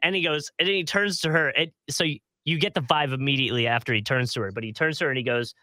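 A man's voice: mid-range voice, quick pace, sharp tone, no room sound. A young man co-hosting a podcast, telling rambling stories in casual chat and laughing often. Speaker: podcast co-host.

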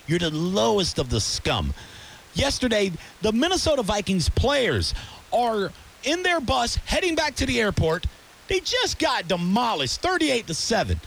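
A man's voice: high voice, a bit bright, a little hiss or hum. A man hosting a sports talk show, ranting heatedly about rival fans. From Tampa area. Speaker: radio show host.

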